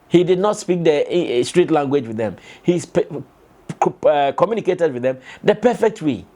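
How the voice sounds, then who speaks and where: A man's voice: a little high, darkish tone. A man hosting an entertainment show, giving opinionated commentary full of rhetorical questions and repeated points.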